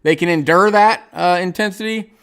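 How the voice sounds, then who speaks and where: A man on a casual livestream reads viewer comments and rambles through his thoughts at a normal speed, full of ums, restarts and little chuckles. His high voice sounds bright and crisp, and his manner is hesitant and filler-heavy.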